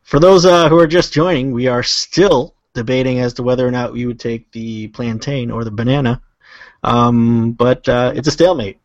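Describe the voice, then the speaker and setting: A man's voice: mid-range voice, fairly even intonation, moderate pace, no room sound, dull audio. A man co-hosting a casual podcast, rambling through stories with a laugh. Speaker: podcast co-host.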